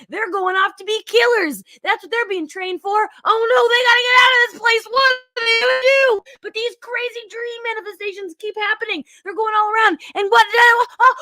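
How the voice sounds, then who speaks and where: A woman's voice: very high-pitched, pushed and bright, no room sound. A woman co-hosting a podcast, recapping a movie in a playful, exaggerated way and acting out the characters in silly voices. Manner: acts out every character in funny voices, exaggerated. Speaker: podcast co-host. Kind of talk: animated comedic plot recap.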